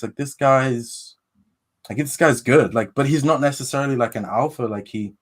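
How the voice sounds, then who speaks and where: A man's voice: mid-range voice, normal speed. A man as a podcast guest, talking in a hesitant, rambling way with many restarts. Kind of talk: casual chat.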